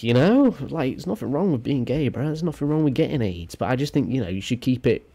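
A man's voice: mid-range voice, very animated, a little fast, few pauses, dark tone. A man giving crude, rambling reaction commentary on a video.

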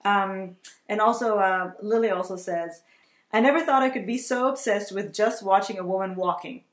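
Chatty woman co-host reading fan comments, medium pitch, roomy echo. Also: normal speed. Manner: enthusiastic, chatty. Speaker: vlog co-host. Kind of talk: casual chat, reading viewer comments aloud. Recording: echoey room.

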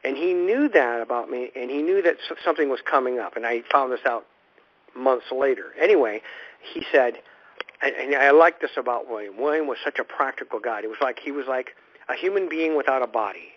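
A man's voice: medium pitch, fairly quick. A man hosting a spiritual radio program, teaching in an informal, rambling way and often repeating words as he restarts his thoughts. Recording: dull lo-fi radio recording.

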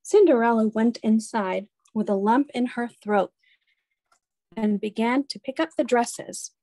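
A woman reading a children's storybook aloud in an expressive, clear storytelling voice. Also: a little high, unhurried.

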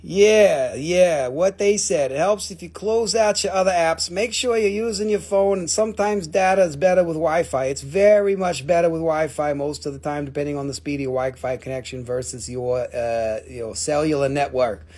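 A man hosting a live-stream crystal auction in casual chat, excitable and joking, swearing freely. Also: on the high side, moderate pace, few pauses.

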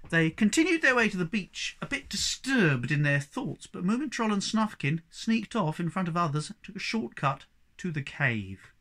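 Storybook narrator, lively intonation, expressive read-aloud. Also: medium pitch, moderate pace, hardly any pauses. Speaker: storybook reader. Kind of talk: reading a children's book aloud.

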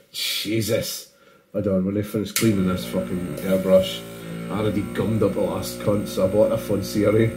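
A man's voice: fairly low pitch, darkish tone. A middle-aged man with a northeast Scottish accent, rambling through profane, storytelling chat in a casual hobby vlog. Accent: Scottish, northeast Doric. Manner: profane, storytelling, heavy swearing. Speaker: hobby painting vlogger.

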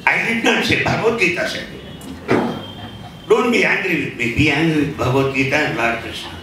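An emphatic man with an Indian English accent tells a devotional story, hammering his points home again and again. His voice is bright and forceful. He is heard from a distance in a very echoey hall, with faint room noise behind him. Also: a little high, a little fast. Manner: emphatic, repetitive, lecturing. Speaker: spiritual speaker. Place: large hall.

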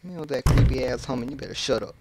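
In a very noisy recording, a man with a medium-pitched voice talks quickly through a horror game let's play on his channel. He's casual, joking and swearing, and jumps with loud yelps when the scares hit.

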